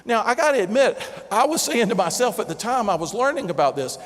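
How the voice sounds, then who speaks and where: A man with a Southern drawl delivers a lively storytelling keynote and chuckles at his own anecdotes. His voice sits high for a man. The long reverb of a huge convention hall trails after each phrase. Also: fast talker. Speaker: motivational keynote speaker. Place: large convention center hall before a big audience.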